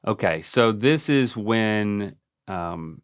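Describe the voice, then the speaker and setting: A middle-aged man with a Southern North Carolina accent, hosting a casual chat in a quick, wry way. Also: on the low side, lively intonation, clear, resonant tone, dry recording, clean studio sound. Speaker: host.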